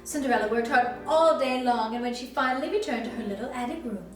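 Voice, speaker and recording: A woman's voice: a little high, fast, distant mic. Woman reading a storybook to children. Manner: sing-song, warm storyteller asking kids questions. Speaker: costumed children's storytime reader. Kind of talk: reading a picture book aloud to children. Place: library program room. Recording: echoey room, voice from afar, faint music.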